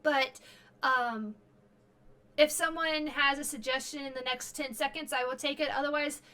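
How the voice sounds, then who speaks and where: A woman's voice: high voice, fairly even intonation, normal speed, sharp tone. A very tired woman streamer wrapping up her stream in casual chat, rambling with lots of fillers and restarts.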